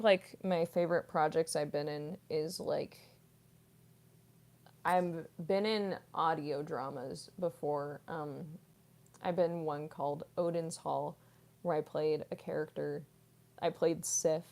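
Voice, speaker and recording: A woman's voice: on the low side, warm tone. A young woman voice actress answering fan questions in a casual, chatty way, using lots of filler words. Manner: chatty, many "like" fillers, explaining technique. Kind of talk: casual Q&A vlog.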